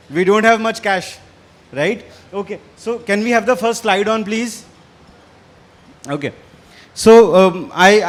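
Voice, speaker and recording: A man with an Indian English accent, slightly hoarse, giving an energetic interactive business talk on stage. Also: high-pitched. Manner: energetic, quizzes and challenges the audience. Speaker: business speaker. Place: stage in front of a live audience.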